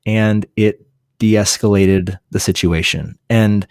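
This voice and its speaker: A pastor chatting as a podcast guest, discussing a book casually with many restarts and fillers. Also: male voice, fairly low pitch, steady tone, takes it slowly, a little mellow, clean tone, no echo, studio quality.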